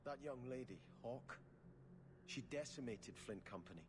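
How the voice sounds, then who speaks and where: A man's voice: medium pitch, lively intonation, normal speed, lightly acted. An actor playing a formal, earnest young nobleman archer in a fantasy video game, speaking courteously. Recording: game audio with clear background noise.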